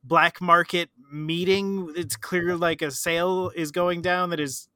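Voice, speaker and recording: A man with a notably high, crisp, bright voice talks casually about a film. He sounds wry and incredulous. The sound is dry and close, with no room around him. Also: fairly even intonation, measured pace, dry recording. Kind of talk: casual movie chat.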